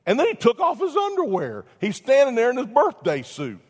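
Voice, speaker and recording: A man's voice: extremely high pitch, fairly quick, breathy edge. Man preaching in a reverberant hall. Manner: storytelling with lively swings from loud to hushed. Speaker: pastor. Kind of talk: sermon.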